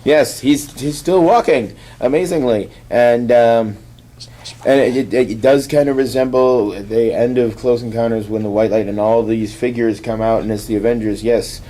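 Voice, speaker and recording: A man casually recapping a comic on a podcast, rambling and acting out the characters' lines in quick voices. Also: medium pitch, warm tone. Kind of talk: casual chat.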